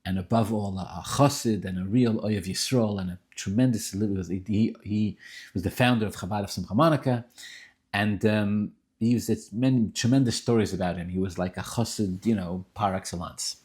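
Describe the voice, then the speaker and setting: A man giving an informal Torah class, talking in animated, emphatic bursts with frequent restarts and Yiddish and Hebrew terms mixed in. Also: fairly low pitch, moderate pace. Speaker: rabbi teaching Tanya.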